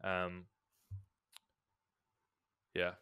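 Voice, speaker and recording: A man co-hosting a podcast, telling stories hesitantly with many pauses and restarts. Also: low voice, monotone, smooth, dry recording, lo-fi sound. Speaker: podcast co-host, strength coach. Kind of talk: casual podcast chat.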